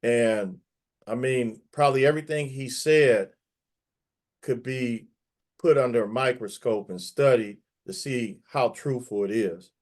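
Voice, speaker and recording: A man's voice: medium pitch, unhurried. A man speaking as a guest on an online panel, emphatic and opinionated, often repeating words. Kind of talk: casual panel discussion.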